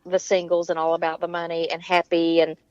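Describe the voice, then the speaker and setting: A woman's voice: lowish voice, completely flat delivery, brisk, crowd noise. Chatty woman on a dull line. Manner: laughs often, candid and chatty. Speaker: guest musician. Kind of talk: casual chat.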